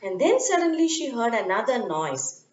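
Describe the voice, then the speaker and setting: A woman reading a children's story in an expressive, dramatic way. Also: fairly high pitch, moderate pace. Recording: echoey, dull lo-fi room.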